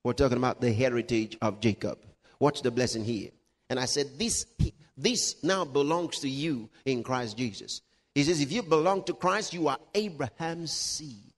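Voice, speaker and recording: A male pastor preaching a sermon, reading scripture aloud with laughs, dramatic pitch swings and slowed emphasis. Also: lively intonation, long reverb tail.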